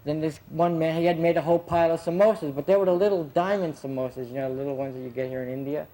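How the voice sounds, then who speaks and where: A man's voice: a little high, very fast, mellow, low-quality recording. A man with a slightly raised voice tells old memories in an easy, rambling way. He laughs often and leans on fillers as he goes. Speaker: devotee recalling his time as a gardener. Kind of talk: casual anecdotal storytelling.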